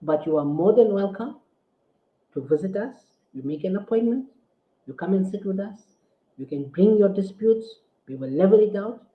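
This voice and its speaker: A man, an Islamic scholar, delivering a forceful, indignant rebuttal full of rhetorical questions. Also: sits high, expressive, normal speed. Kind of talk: preaching rebuttal. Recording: tinny phone-like audio in an echoey room.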